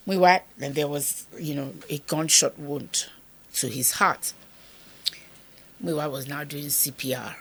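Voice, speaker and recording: A woman's voice: low-pitched, vocal fry, pushed and bright. A Nigerian woman in her fifties, an interview guest telling an emotional personal story and acting out the dialogue as she goes. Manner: vivid retelling that acts out the dialogue.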